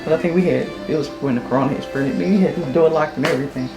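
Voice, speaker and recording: A man giving a halting, emotional memorial tribute to a coworker, sighing between phrases. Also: fairly high pitch. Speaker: UPS driver and coworker. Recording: roomy echo with music behind.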